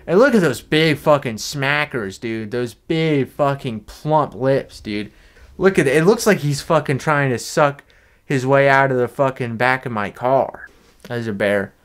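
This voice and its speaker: Young guy rambling deadpan and crude, swearing a lot, mid-pitched voice. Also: unhurried. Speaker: vlogger. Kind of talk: comedic sticker review vlog.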